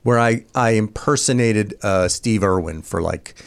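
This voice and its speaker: A man's voice: on the low side, measured pace, vocal fry. A man appearing as a guest on a comedy podcast, telling an anecdote with frequent laughs and self-mockery. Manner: laughing, self-deprecating storytelling. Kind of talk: casual comedy podcast chat.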